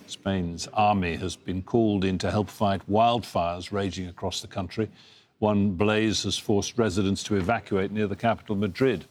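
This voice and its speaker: Measured male news anchor, low voice. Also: slight background noise. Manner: measured, clear reading. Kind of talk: studio news presenting.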